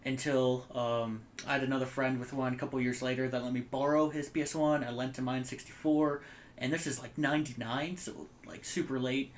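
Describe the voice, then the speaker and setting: A man's voice: mid-range voice, a little fast. A man in his twenties co-hosting a casual podcast, telling rambling stories with lots of fillers and swearing. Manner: rambling, animated storytelling with frequent fillers and swearing. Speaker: podcast co-host. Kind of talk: casual chat.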